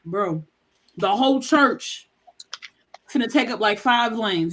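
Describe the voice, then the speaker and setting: Woman, slightly high voice, chatty podcast co-host. Casual storyteller. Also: measured pace. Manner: chatty, storytelling with quoted lines.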